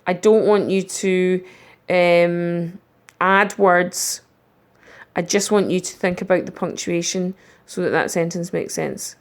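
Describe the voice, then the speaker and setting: A woman teacher giving a recorded lesson, talking through punctuation slowly and reading example sentences aloud. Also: on the low side, fairly even intonation.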